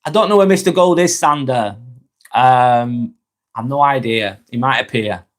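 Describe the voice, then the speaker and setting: Northern English man, Lancashire accent, mid-pitched, casual live-stream host, chilled and chatty, tails off at line ends. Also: a little slow. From Northwest England. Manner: laid-back and friendly, trails off quietly at phrase ends, stumbles over words. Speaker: vlogger hosting a live stream. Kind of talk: relaxed live chat, reading out comments.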